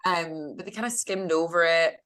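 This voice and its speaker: A woman co-hosting a casual reality-TV podcast, enthusiastic and animated, acting out quotes. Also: lowish voice, moderate pace, dry recording, clean studio sound. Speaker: podcast co-host. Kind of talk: casual chat.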